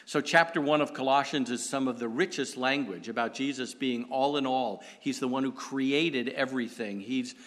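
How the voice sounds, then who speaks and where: A man preaching as a guest speaker in a church, telling stories with humor about himself and pausing often on fillers. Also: mid-range voice, fairly bright tone, long reverb tail. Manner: self-deprecating, storytelling, halting with fillers. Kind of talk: sermon.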